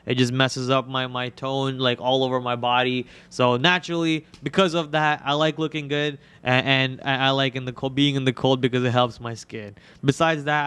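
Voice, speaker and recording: A man's voice: medium pitch, a bit bright, clean tone. A young man born in India hosting a live trading stream, rattling off tickers and prices in a casual way. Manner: rapid ticker-and-price calls, casual filler words. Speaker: day trader and live stream host.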